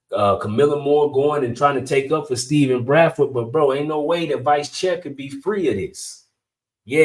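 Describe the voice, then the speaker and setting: A man hosting a political commentary channel, talking bluntly in slang straight to his viewers. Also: mid-range voice. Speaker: channel host.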